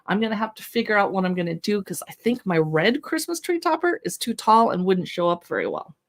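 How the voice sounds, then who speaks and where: This is a brisk, sing-song, mid-range female voice, picked up by a close personal microphone. She hosts a relaxed product showcase livestream from her home, upbeat and chatty as she talks books and decor and voices short bits of text playfully.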